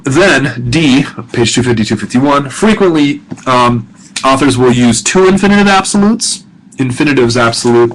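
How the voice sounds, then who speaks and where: A man's voice: medium pitch, fairly bright tone, a little hiss or hum, rough recording. Patient man teaching a grammar lesson. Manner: patient, reads words slowly and repeats them, corrects himself. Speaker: professor.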